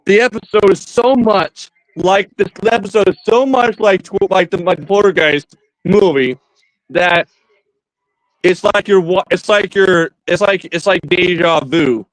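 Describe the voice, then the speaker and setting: A man chatting casually on a stream in a voice a little higher than most. He rambles, restarts phrases and keeps turning to speak to the viewers. The sound is dry and close, with no room around it. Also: unhurried, dry recording, rough recording. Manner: addresses viewers directly. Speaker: streamer co-host. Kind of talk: casual chat.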